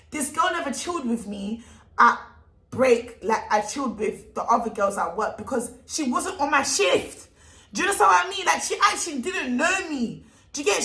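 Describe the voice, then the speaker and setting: A young woman telling a storytime vlog, animated and emphatic, full of street slang. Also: high voice. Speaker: vlogger. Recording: echoey room.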